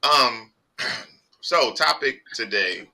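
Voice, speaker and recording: A man hosting a laid-back podcast, his voice bright and sharp with big swings in pitch. He curses freely and gets worked up as he talks. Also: drawn-out words, creaky, rough recording. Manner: profane, animated, laughing often. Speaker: podcast host. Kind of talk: casual podcast chat.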